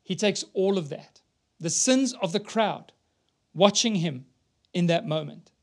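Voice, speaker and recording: A man's voice: high-pitched, lively intonation, unhurried. A man preaching a sermon, earnestly reading scripture aloud and building to emphatic peaks.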